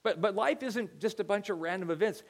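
A middle-aged man preaches from the pulpit in a relaxed, conversational way, stumbling over repeated words as he tells a story. His voice sits a touch higher than most men's. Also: a little fast. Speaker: pastor. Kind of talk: sermon.

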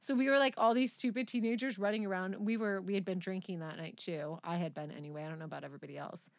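A woman's voice: mid-range voice, steady tone, quick pace, no echo, studio quality. A woman co-hosting a podcast in casual chat, a rambling storyteller who laughs often. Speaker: podcast co-host.

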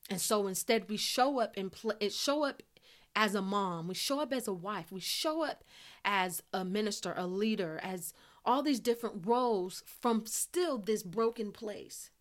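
A woman delivers a devotional podcast teaching with earnest conviction. Her voice sits at an ordinary middle pitch, and she circles back over key phrases to press them home. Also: lively intonation, a little slow. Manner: earnest, repeats phrases for emphasis. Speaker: podcast host.

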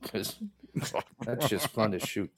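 A man's voice: lowish voice, animated, slow pace, a bit bright. A man co-hosting a casual podcast, chiming in with short remarks. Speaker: co-host.

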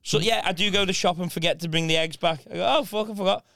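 A man on a podcast, rambling and self-deprecating, dropping into low muttered asides as he chats. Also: steady tone, quick pace, sharp tone, no echo, studio quality. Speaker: podcast host. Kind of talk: casual chat.

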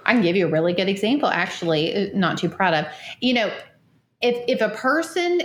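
A woman's voice: medium pitch, lively intonation, brisk, fairly bright tone. A woman guest in an interview, earnestly telling personal faith stories with lots of fillers and restarts. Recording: roomy echo.

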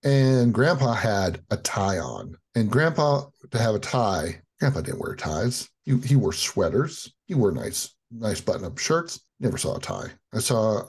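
A man as a podcast guest, telling a personal childhood story in a lively way and acting out the quotes. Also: lowish voice, husky.

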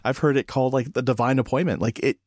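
A man's voice: mid-range voice, fairly even intonation, a little mellow, dry recording, clean studio sound. A man hosting a casual podcast conversation, speaking reflectively and often restarting his sentences. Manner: reflective, halting with frequent restarts. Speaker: podcast host.

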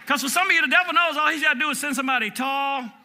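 A man in his fifties preaching a sermon from Michigan, shouting call-and-response lines and chanting repeated words. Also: extremely high pitch, racing, slight background noise. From Michigan, USA. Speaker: pastor.

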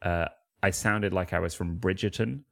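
A man's voice: deep voice, fairly even intonation, normal speed, gravelly, fairly bright tone. A man with a Mancunian accent, a comedian guest telling wry, rambling anecdotes in casual chat. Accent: Mancunian English. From Manchester, England. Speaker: guest, comedian and freestyle rapper.

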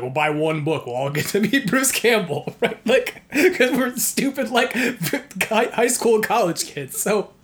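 A man from New York telling a story in casual chat, animated and laughing often, with many "like" fillers. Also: on the high side. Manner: heavy use of "like" as filler.

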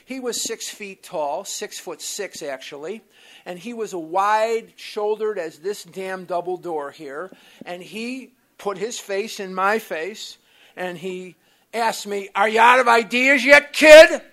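A speaker from the United States giving a talk to a live group in a meeting room at a recovery workshop, telling personal stories in an animated, blunt way with mild swearing and asides. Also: medium pitch, slow.

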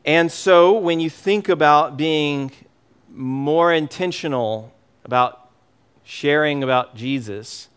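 A middle-aged man preaching a sermon as pastor, emphatic and animated, often repeating words as he goes. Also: on the high side, slow, clean tone.

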